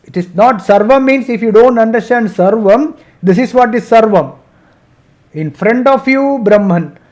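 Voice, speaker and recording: High-voiced teacher. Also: male voice, a little mellow. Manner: explains slowly, repeats points, asks "right?"; chants Sanskrit verses between English explanation. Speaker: Gita teacher. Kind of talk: scripture discussion lesson. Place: online video call.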